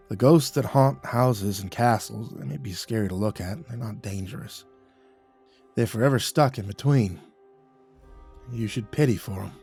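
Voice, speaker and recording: This is a gruff old rural uncle, put on by a male storyteller, hard-edged and tired of life. He drawls slow and low, his grammar rough and countrified, with a weight of old regret. A faint music bed runs underneath. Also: darkish tone.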